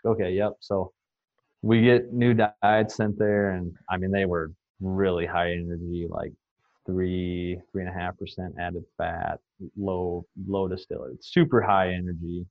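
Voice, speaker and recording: Deep-voiced man telling field stories. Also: little pitch movement, unhurried, no echo, phone-quality sound. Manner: rambling, anecdotal, many fillers and restarts. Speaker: swine nutrition guest. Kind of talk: casual storytelling in a podcast interview.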